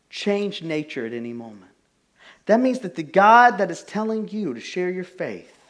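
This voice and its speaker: A young adult pastor gives a casual, conversational sermon, telling personal stories in an animated way. His voice sits a little high for a man and swings widely up and down. He talks loosely, with plenty of filler words. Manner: animated storytelling, many fillers like "like".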